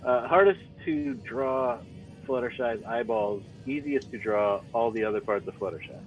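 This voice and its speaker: A man's voice: medium pitch, big pitch swings, normal speed, vocal fry, highs cut off, soft background music. A man, an artist on a panel, talking casually with dry, understated humor.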